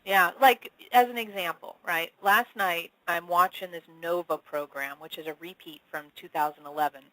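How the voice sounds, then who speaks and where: A woman, a spiritual channel, telling her story as an interview guest with animated delivery, swearing casually and acting out the dialogue. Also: normal speed, no room sound, low-quality recording. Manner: expressive, casual swearing, acts out dialogue with big pitch swings.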